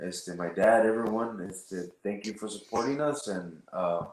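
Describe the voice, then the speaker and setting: A male musician guest giving casual shout-outs in an earnest, excited tone, mixing in Spanish fillers. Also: fairly low pitch, normal speed, roomy sound, low-quality recording.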